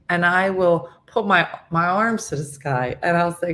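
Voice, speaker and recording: A middle-aged woman hosts a morning show, delivering a casual, self-mocking comedic monologue to live viewers and acting out quotes. Her voice sits on the low side and is a bit bright, and she speaks slowly with frequent pauses.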